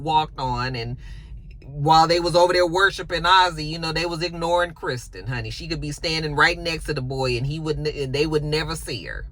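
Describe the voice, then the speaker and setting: A woman's voice: sits low, fairly bright tone. A woman casually recapping a TV episode in a sassy, chatty way, talking back to the characters. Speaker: TV recap vlogger.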